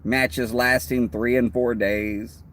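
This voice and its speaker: A man's voice: medium pitch, little pitch movement, slow pace, fairly bright tone. A man with a Texan accent hosting a live stream, chatting in a rambling way and answering viewers' comments. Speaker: livestream host. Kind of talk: casual live-stream chat.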